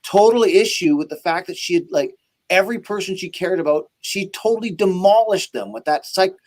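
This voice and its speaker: An animated man hosts a casual podcast chat about comics. His voice sits somewhat high, and he talks excitedly, often cutting in over his guest. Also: brisk. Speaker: podcast host.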